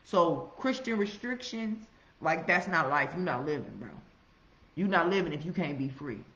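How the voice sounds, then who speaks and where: A woman giving a casual, profane motivational monologue, preaching with loud emphatic outbursts. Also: deep voice, lively intonation, normal speed. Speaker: motivational vlogger. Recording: roomy, slightly muffled recording.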